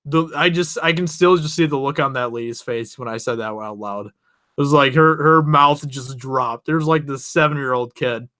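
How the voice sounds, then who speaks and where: A young man with a medium-pitched, sharp-toned voice speaks at normal speed as he hosts his channel. He casually tells viewers a meandering personal story, chatty, frequently laughing and restarting many times.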